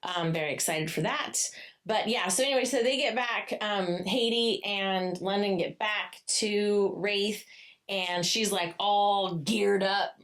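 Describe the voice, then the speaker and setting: A woman's voice: mid-range voice, a bit bright. Gushing, foul-mouthed woman podcast host. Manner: gushing, swears freely, quick asides. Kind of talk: casual book-review chat.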